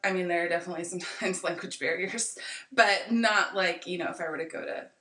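A young American woman in her twenties chats as a podcast guest, thinking aloud with plenty of fillers. Her voice is bright and forward. She sounds a little distant from the mic, in a room with noticeable echo. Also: lowish voice, fast. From United States. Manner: reflective, rambling with many fillers. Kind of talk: casual conversation.

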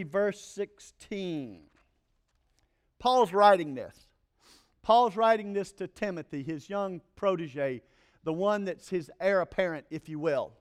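A male pastor preaching a sermon, animated and playful, with joking asides to the congregation. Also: high voice.

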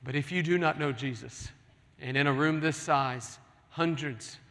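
A man's voice: fairly high pitch, a little slow, a bit bright. A man preaching a sermon as pastor, earnest and pleading with his congregation in a large church. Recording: long hall reverb.

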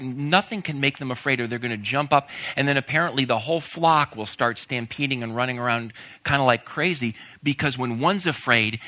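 Man, pastor, conversational sermon, bright voice, mid pitch, animated at times.

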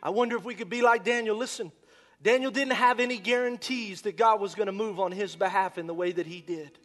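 Impassioned high-voiced male pastor preaching. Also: a little fast, faint music behind. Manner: impassioned, swinging from shouts to near-whispers. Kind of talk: sermon.

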